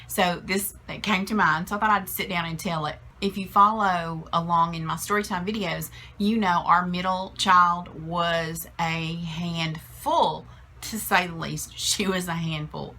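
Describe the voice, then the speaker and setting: A middle-aged woman tells a family story in a loose, rambling way, full of fillers and restarts. Her voice is bright and forceful, with a slightly lower pitch. A faint hiss sits under the recording. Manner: chatty, halting with fillers and restarts. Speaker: vlogger telling a story. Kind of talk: casual storytime.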